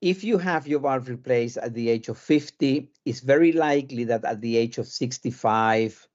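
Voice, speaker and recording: Male surgeon guest, South American-British accent, halting and repetitive, dull lo-fi stream sound. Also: medium pitch, darkish tone. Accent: South American mixed with British. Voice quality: halting, repeats words while searching. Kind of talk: live Q&A interview.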